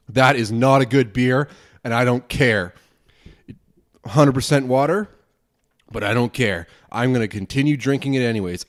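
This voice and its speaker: A young man hosts his own podcast solo, speaking at a medium pitch and normal speed. He delivers an angry rant full of swearing and rambling tangents.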